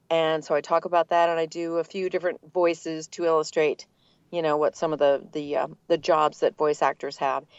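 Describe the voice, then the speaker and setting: An older woman, a voice actor, telling her story in a relaxed, articulate interview manner with a neutral accent. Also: fairly low pitch, smooth, dry recording, dull audio. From Boston area, United States. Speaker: guest, voice actor. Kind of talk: conversational interview.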